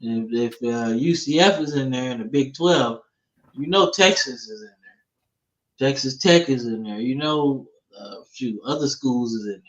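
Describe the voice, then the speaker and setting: A man's voice: medium pitch, a little slow. A man hosting a casual football talk show in a laid-back, slangy way, peppering his talk with "man" and "bro". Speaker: podcast host. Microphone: streaming setup, remote call. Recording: dull lo-fi stream audio.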